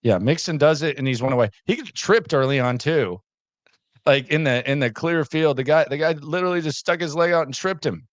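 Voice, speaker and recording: A man's voice: fairly high pitch, a little fast, no room sound. A man hosting a sports podcast, blunt and teasing, reading out viewer comments and steering the show. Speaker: podcast host. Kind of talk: casual sports talk.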